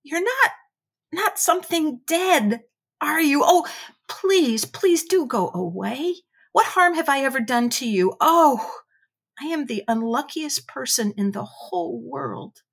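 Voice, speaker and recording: A woman voicing a frightened young boy who pleads in high, panicky bursts while reading a storybook aloud. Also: animated, measured pace, gravelly, few pauses, husky, heavily acted. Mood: terrified. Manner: high, panicky, near-screaming pleas.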